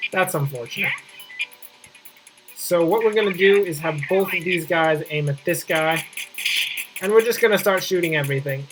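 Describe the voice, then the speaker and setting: A man hosting a casual gameplay video, reading game text aloud between jokey asides and sudden excited outbursts. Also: a little high, low-quality recording. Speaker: gaming video host.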